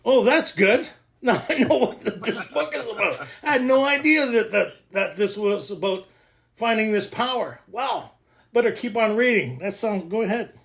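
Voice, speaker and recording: A man leading a recovery workshop, joking, excitable and laughing often as he explains the reading. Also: sits high, moderate pace. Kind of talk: animated teaching talk.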